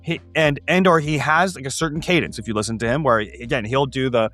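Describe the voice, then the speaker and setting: A man hosting a tabletop gaming show, explaining ideas in an animated, casual way with quick asides. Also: medium pitch, soft background music.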